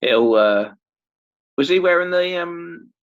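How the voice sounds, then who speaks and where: Lively man on a dull recording. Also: fairly high pitch, slow. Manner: short dry agreeing replies. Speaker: co-host. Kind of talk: casual reaction chat.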